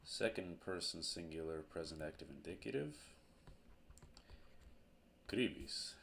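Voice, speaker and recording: A man teaching a grammar lesson at a board, slow and deliberate, repeating each verb form. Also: rumbling low, lively intonation, creaky, fairly bright tone, slight background noise.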